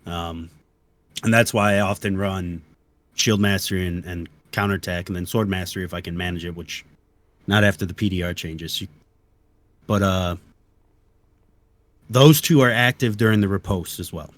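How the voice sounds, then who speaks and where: Male player guest, casual interview, low voice, dry close sound, technical and measured. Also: no room sound. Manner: detailed, technical explanations, soft-spoken asides. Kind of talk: casual gaming chat.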